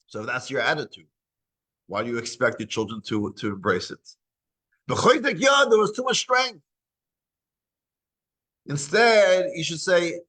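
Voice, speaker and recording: A man teaching a weekly Torah class, talking in a lively way, dropping low when musing and rising high and excited when urging. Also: moderate pace, long pauses, slightly rough. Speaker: rabbi teaching a parsha class.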